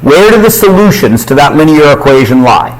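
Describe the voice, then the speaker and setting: A man's voice: fairly high pitch, very animated, a little fast, poor audio. A man teaching a math class, quizzing students and cracking jokes. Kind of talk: classroom lesson.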